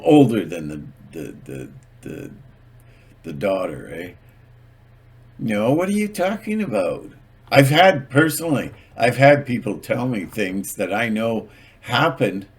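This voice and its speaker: A channel host with a lowish, breathy-edged voice rambles casually through stories in a monologue. He sounds hesitant, uses lots of fillers, and acts out little skits along the way.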